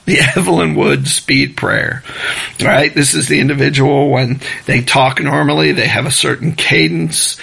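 A man preaching a sermon in a relaxed, conversational way, chuckling as he mimics rushed and loud prayers. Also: medium pitch, creaky, slightly rough. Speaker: pastor.

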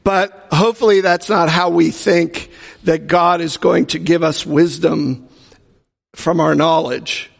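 Man, pastor, slightly high gravelly voice, jokey storytelling sermon, long hall echo. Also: fairly even intonation, slow. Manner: humorous storytelling, acts out quoted voices. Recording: long reverb from a large hall.

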